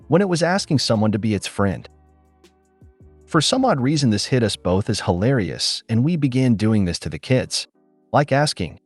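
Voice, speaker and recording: A man's voice: mid-range voice, normal speed, breathy edge, dry recording. A man narrating online stories and comments as a scripted read. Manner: lively storytelling reading. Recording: dry voice-over with faint music.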